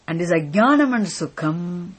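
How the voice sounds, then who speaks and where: A teacher giving a philosophy lecture in a deliberate way, often stopping to check that listeners follow. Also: medium pitch, expressive, husky. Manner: deliberate, repeatedly checks understanding. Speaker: spiritual teacher.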